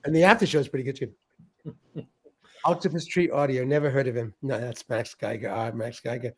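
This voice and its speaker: A man's voice: mid-range voice, steady tone, moderate pace, breathy edge. A middle-aged man hosting a livestream in a casual chat, reading viewer comments aloud, laughing often and tripping over his words. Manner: chatty, laughs often, stumbles and repeats words. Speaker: livestream host.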